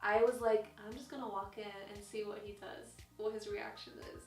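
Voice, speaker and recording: A young woman vlogger telling an engagement story in casual chat, animated and laughing as she talks. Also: medium pitch, brisk. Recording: roomy, distant, with music.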